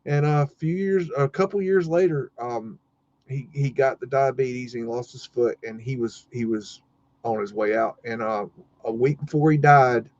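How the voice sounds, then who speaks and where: A man's voice: medium pitch, normal speed, a little mellow, no echo, lo-fi sound. A man hosting a livestream, telling a story casually and rambling with many fillers and restarts. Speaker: livestream host.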